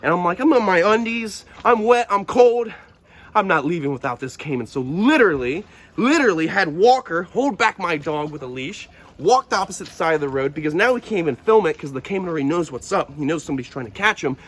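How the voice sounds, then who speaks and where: A young man hosting a wildlife vlog, telling an excited outdoor story in an animated, breathless way, sometimes shouting at his dog. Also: fairly high pitch, fast talker. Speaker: wildlife vlogger.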